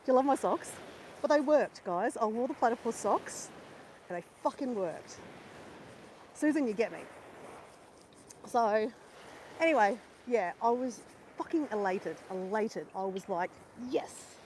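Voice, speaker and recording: An Australian woman chatting casually to her live-stream viewers while walking outdoors, animated and swearing freely. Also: a little high, a little slow, pauses often, slight background noise, low-quality recording. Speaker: vlogger. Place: outdoors near a lake and bridge.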